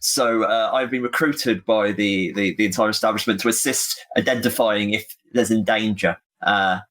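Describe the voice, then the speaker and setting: A man's voice: fairly low pitch, fairly even intonation, normal speed, a bit bright, natural voice. A man voicing an oblivious older male park ranger who rambles and bluffs with hesitations. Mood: bluffing.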